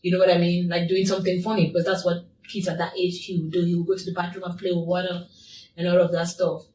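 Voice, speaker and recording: A woman's voice: fairly low pitch, level tone, quick pace, a little mellow, slight background noise. A woman guest in an interview, telling a personal story in a repetitive, emphatic way. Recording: echoey room, distant mic.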